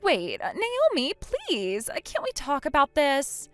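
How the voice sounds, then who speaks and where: A woman's voice: high voice, huge pitch swings, measured pace, no echo, soft background music, heavily acted. A woman voicing a spiteful, taunting young woman, the groom's sister, in an acted text-message story. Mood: pleading. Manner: taunting, snickering, dismissive.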